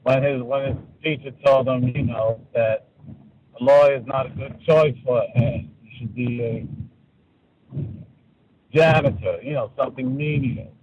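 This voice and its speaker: A man calling in to a radio show, giving his opinions in a halting way and often repeating words. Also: medium pitch, steady tone, lo-fi sound, slight background noise. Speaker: caller. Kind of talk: call-in radio commentary.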